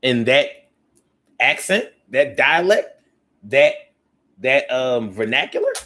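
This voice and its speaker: A man's voice: mid-range voice, sing-song, slow, bright, forceful tone. A man hosting a live call-in talk show, reading out viewer comments and answering them in a loose, slangy, preachy way that repeats lines for emphasis. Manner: loose, slangy speech with many restarts.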